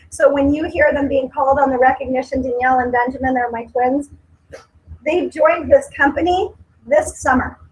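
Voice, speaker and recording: A high-pitched woman in her forties, recorded at low quality, speaks at a company sales meeting. Her motivational speech is earnest and emotional, with tearful moments and points repeated for emphasis.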